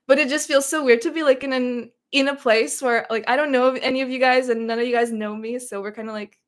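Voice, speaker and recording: Talking quickly in a high-pitched voice with fairly even intonation, a Russian woman runs a relaxed livestream Q&A, reading out viewers' comments and answering them with a touch of nervousness.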